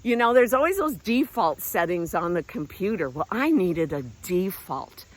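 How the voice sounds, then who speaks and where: On a walk around a lake, a middle-aged woman who hosts a vlog and gives self-help talks chats casually and encouragingly, a little out of breath from hiking. Her pitch swings widely, rising and falling freely, at normal speed. Crickets chirp faintly in the background.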